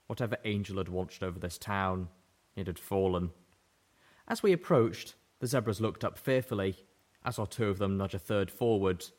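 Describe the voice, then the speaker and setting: Male audiobook narrator, low-pitched, steady first-person delivery. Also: moderate pace.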